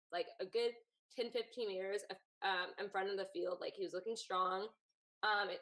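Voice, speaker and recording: A woman's voice: medium pitch, fairly bright tone. A woman hosting a casual sports chat, talking in a loose, chatty way with many fillers. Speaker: host.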